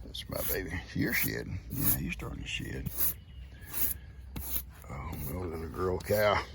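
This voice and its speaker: A man's voice: low-pitched, big pitch swings, unhurried, gravelly, noisy background. A man, chatting and teasing his goats outdoors on a farm in a playful, chuckling way. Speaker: farm video host. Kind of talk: casual talk to his animals.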